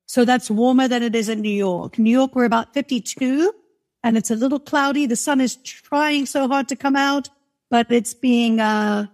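A woman in her forties from London with a softened English accent, chatting animatedly as an interview guest and laughing often. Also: fairly high pitch, fairly even intonation, moderate pace. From London, England. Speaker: guest, music marketer. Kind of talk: casual interview chat.

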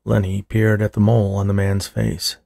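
A man narrating a horror story in a steady, measured way. His voice sits low, with heavy gravel and a husky edge. The sound is dry and close. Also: dry recording. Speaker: audiobook narrator.

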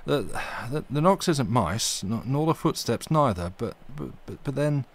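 A man's voice: mid-range voice, lively intonation, normal speed, voice pushed up. A man voicing a timid, nervous young servant girl who stammers and hesitates.

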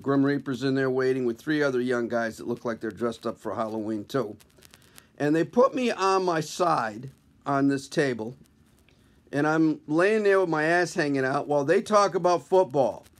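A man's voice: mid-range voice, animated, moderate pace. A male comedian telling a wry, self-deprecating personal story in a conversational way. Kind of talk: comic personal storytelling to camera.

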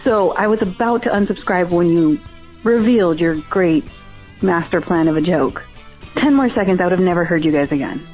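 A woman's voice: fairly low pitch, animated, moderate pace, a little mellow, soft background music, poor audio. A woman caller scolding the hosts sarcastically in a voicemail. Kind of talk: ranting voicemail.

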